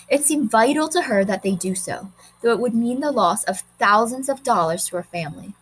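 A woman reading a short story aloud in a measured, expressive way. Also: on the high side, breathy edge, poor audio. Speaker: narrator.

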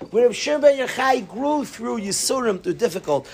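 A man giving a lively Torah talk, telling a story and mixing in Yiddish and Hebrew words. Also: high voice, a little fast, vocal fry, hardly any pauses, breathy edge.

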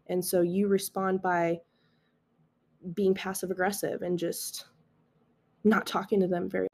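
A young adult woman hosting a casual solo podcast, talking in an earnest, reassuring way with frequent restarts and asides. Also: mid-range voice. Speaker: podcast host.

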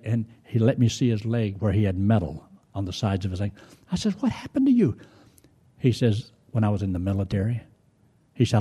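An older man preaching a sermon in a folksy, storytelling manner, acting out conversations he has had. His voice is mellow and dark, with a slightly husky edge. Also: on the low side. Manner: folksy, retells conversations in his own voice, with restarts. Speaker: pastor.

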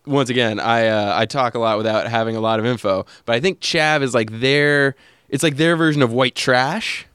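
A man's voice: mid-range voice, moderate pace, fairly bright tone, clear, resonant tone, dry recording. Casual podcast host, man, talks on the fly, dry close mic. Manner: rambling, with frequent fillers and laughs. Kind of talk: casual chat.

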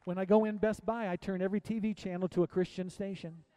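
A middle-aged man preaching as a pastor, swinging between soft pleading and loud emphatic exhortation with many repeated phrases. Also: sits high, fairly even intonation, fast, some chatter behind. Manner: preaching with rising and falling intensity, repetitive exhortations. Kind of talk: sermon.

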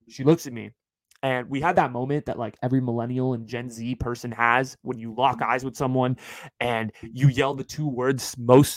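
A man in his twenties from California, telling a story on his podcast in an animated, chatty way. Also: medium pitch, no echo, poor audio. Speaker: podcast host.

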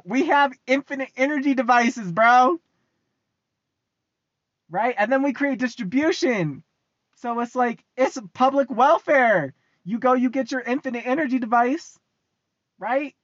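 With a medium-pitched, fairly bright voice, a young adult American vlogger rants casually to the camera, swearing freely, repeating lines, and laughing frequently. The audio is muffled and lo-fi, close and dry with no room echo.

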